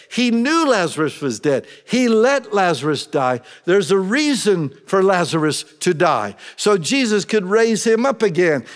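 A man preaching a sermon as pastor, emphatic, swinging between loud urgency and hushed intensity. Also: sits high. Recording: long hall reverb.

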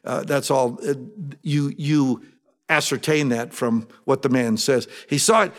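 Preaching with animation, this male pastor frequently voices eager characters, his pitch jumping suddenly. He keeps an unhurried pace.

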